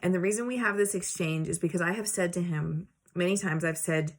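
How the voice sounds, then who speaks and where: A woman teaching a scripture memory lesson in a chatty, animated, encouraging way. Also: fairly low pitch, brisk. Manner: chatty and animated, acts out quotes; encouraging, plainspoken. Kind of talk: casual teaching video.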